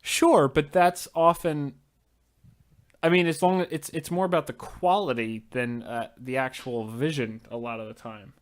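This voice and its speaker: Man, a bit high-pitched, animated podcast chat, stammers, argues back. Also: measured pace. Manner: animated, argumentative, stammers when excited. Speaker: podcast host. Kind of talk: casual chat.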